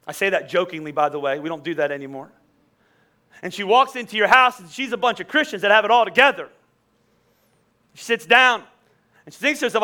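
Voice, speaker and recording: Bright high-voiced man preaching. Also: lively intonation, brisk, pauses often. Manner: conversational preaching, rises to emphatic peaks. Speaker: pastor. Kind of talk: sermon.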